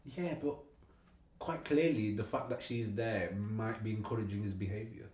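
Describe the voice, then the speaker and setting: A man co-hosting a podcast, chatting in a teasing, animated way and laughing often. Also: fairly low pitch, normal speed, echoey room, recorded from a distance. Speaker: podcast co-host. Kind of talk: casual banter.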